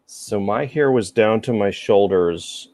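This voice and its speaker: Male podcast host, low-pitched, faint Southern lilt, dry recording, loose and chatty. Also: takes it slowly, a little mellow, dry recording. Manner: chatty, rambling, self-deprecating. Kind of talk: casual chat.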